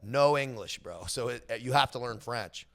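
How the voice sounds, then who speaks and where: A young man with a Californian accent and a gravelly edge to his voice tells stories at an easy pace. He is casual and slangy, and laughs between stories. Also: mid-range voice, expressive, moderate pace, a bit bright. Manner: laid-back slangy talk, lots of bro and dude, laughs often. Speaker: podcast guest. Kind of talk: casual storytelling interview.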